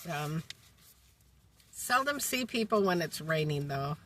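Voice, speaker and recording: A woman's voice: low-pitched, animated, takes it slowly, fairly bright tone, a little hiss or hum. Chatty woman vlogging from a distance. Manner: chatty, meandering, with many ums and uhs; folksy and faith-filled sign-off. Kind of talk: casual rambling talk to camera. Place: inside her van.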